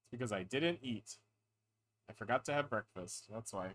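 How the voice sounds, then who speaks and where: A man's voice: mid-range voice, expressive, moderate pace, a bit bright. A tired man chatting casually on a live stream, rambling, playful and self-deprecating.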